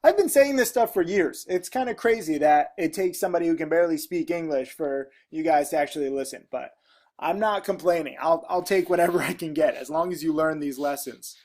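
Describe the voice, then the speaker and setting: A man's voice: on the high side, a little fast, darkish tone. A man in his thirties with a casual vlog voice, reading viewer comments aloud and reacting to them in a frank, rambling way with many fillers.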